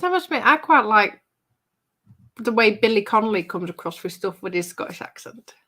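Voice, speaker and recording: A woman's voice: medium pitch, animated, a little fast, pushed and bright. A woman hosting a casual live chat stream, laughing often and bossing her co-host. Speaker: livestream host.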